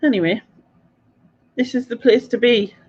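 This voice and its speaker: A woman's voice: on the high side, moderate pace, darkish tone, husky. Giggly rambling woman on a lo-fi stream. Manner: giggly, rambling, laughs often. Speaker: co-host. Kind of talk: late-night livestream chat. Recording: slightly dull lo-fi sound.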